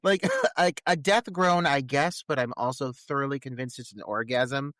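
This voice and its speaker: A man co-hosting a podcast, giving casual and candid film commentary with crude humor and frequent hesitant pauses. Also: mid-range voice, a bit bright, no room sound, clean studio sound. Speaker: podcast co-host.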